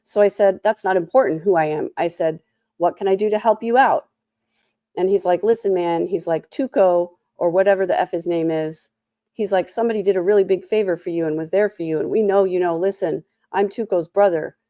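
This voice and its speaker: Woman, trial recap host, snarky, tired, sore throat, low mellow voice, dry sound. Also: fairly quick, no echo. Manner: snarky, sarcastic asides. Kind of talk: casual commentary.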